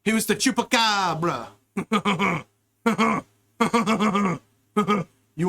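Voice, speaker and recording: A US podcast host with a high, slightly slow, somewhat bright voice tells crude, rambling comic stories. He keeps leaping off onto wild tangents.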